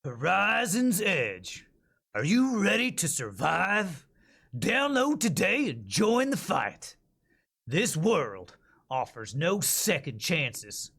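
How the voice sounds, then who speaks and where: A grim, gritty narrator for a survival video game trailer, put on by a man. He speaks in a deep Texas drawl, slow and drawn out, with a fairly high-set voice underneath the grit. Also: huge pitch swings, vocal fry, a bit bright, husky, heavily acted. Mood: grim, dramatic. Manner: slow, drawn-out dramatic delivery.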